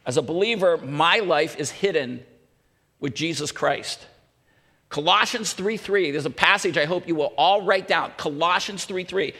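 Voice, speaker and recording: Pastor guy preaching, earnest and emphatic, high gravelly voice, echoey church hall. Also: normal speed, pushed and bright. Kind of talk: sermon.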